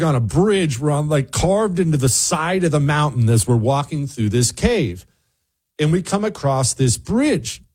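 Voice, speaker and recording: A man hosting a radio show, telling a funny story to his co-host in a lively, joking way. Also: mid-range voice, slightly rough. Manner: lively, joking storyteller who mimics other people's voices. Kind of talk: casual on-air storytelling to a co-host.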